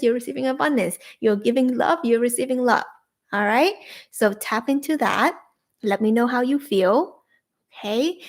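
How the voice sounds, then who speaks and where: A young adult woman hosting a live-streamed spiritual coaching talk, leading soothing repeated affirmations with bursts of excitement. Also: mid-range voice.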